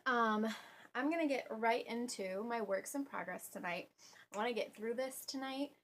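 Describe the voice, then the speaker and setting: A young woman hosting a casual knitting vlog at home, chatty and relaxed, full of ums and little laughs. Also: a little high, moderate pace, slight background noise. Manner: chatty, with fillers and soft laughs. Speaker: knitting podcast host. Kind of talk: casual show-and-tell vlog.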